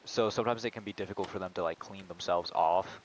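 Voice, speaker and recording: A young man chatting casually with a streamer, relaxed and full of slang. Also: deep voice, fast, a little hiss or hum, low-quality recording. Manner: laid-back slang, says "bro". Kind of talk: casual chat.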